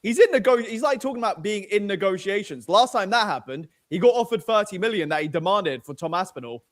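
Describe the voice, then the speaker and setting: Animated high-voiced British man. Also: fast talker. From United Kingdom. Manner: animated, profane, laughing often. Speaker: co-host. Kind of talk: casual chat.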